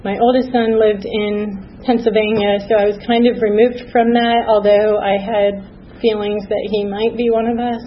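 A middle-aged woman telling a personal recovery story in an unscripted, halting way, with many pauses and fillers. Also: mid-range voice, little pitch movement, muffled recording, a little hiss or hum.

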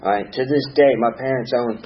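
A man's voice: medium pitch, fairly quick. Man sharing recovery testimony, earnest, keeps asking okay, dull lo-fi sound, faint room hum. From Virginia. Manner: earnest, repetitive, asks "okay?" and "all right?" to the room. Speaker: speaker sharing a recovery story. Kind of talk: personal testimony talk.

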